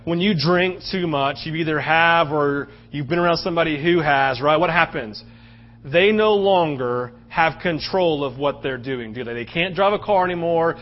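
A male pastor delivers an impassioned sermon in a high voice. He swings between loud outbursts and hushed, low passages. The recording is dull and lo-fi.

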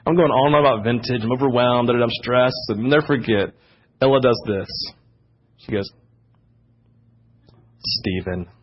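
Husky-voiced pastor preaching, lo-fi audio. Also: male voice, brisk. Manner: gets louder and higher when fired up. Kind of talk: sermon. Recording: dull lo-fi church audio.

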